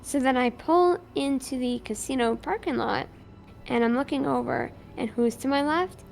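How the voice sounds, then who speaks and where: Gravelly woman roleplaying a cop. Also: high-pitched, moderate pace, soft background music. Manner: animated, recounts events acting out both sides of the dialogue. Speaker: streamer playing a police officer in a roleplay server. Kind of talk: in-character roleplay storytelling.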